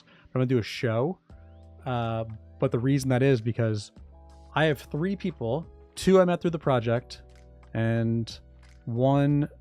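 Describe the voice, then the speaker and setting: A man talking casually on a livestream about his crypto project, rambling, restarting sentences and getting excited. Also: mid-range voice. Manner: rambling, self-interrupting, excitable. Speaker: crypto project founder and streamer.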